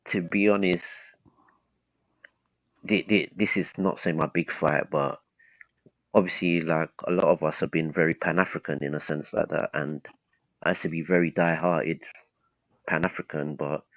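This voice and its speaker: A man's voice: low-pitched, fairly even intonation, moderate pace, long pauses, no echo, highs cut off. A British man, a guest on a video call, talking casually and hesitantly, with plenty of fillers and restarts. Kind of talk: casual conversation.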